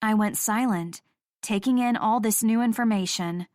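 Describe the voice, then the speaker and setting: Brief: female romance audiobook narrator, middle pitch, dry studio sound. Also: moderate pace, a little mellow, dry recording.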